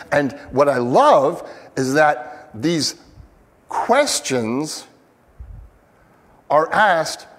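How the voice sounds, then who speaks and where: A man preaching an earnest, expressive sermon, acting out the pleas he quotes. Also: fairly high pitch, in a large hall. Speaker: pastor.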